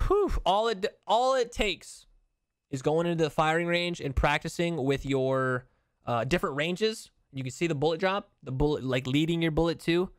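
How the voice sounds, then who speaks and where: A man's voice: on the high side, normal speed, no echo, clean studio sound. A young man giving casual, slangy gaming commentary, hyped and repeating himself. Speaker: gaming YouTuber.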